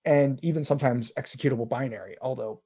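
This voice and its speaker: A man's voice: mid-range voice, fast talker, dark tone, husky. A man hosting a casual tech chat, rambling with restarts and fillers. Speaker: podcast host.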